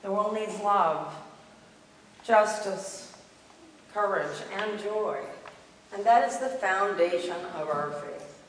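A woman's voice: medium pitch, animated, takes it slowly, pauses often, slight background noise. A woman giving an earnest, emphatic sermon in a church, repeating key phrases. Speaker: congregational life staff leader. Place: church sanctuary. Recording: echoey hall, distant mic.

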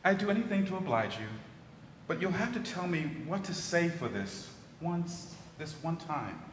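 A man's voice: on the high side, big pitch swings, normal speed, a little hiss or hum. A man reading aloud as an eager, imaginative orphan girl, dreamy and gushing, in a church. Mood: cheerful. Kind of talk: dramatic reading in a service. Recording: roomy hall with long reverb.

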